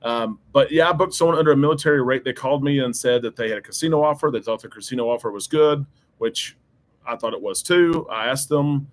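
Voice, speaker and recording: A man's voice: medium pitch, quick pace. A man co-hosting a live cruise talk stream, chatting casually and enthusiastically and often restarting his sentences. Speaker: co-host and cruise travel agent.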